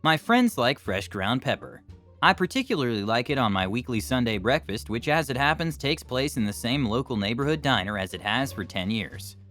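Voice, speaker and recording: Male narrator, animated storyteller with lively pitch; faint music bed. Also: normal speed. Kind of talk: scripted narration of online stories.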